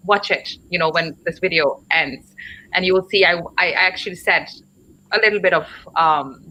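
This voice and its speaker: Bright-voiced woman teaching on a live call. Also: fairly low pitch, normal speed, slight background noise, low-quality recording. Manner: chatty, explanatory, checks in with 'right?' and 'okay?'. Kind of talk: live online English lesson.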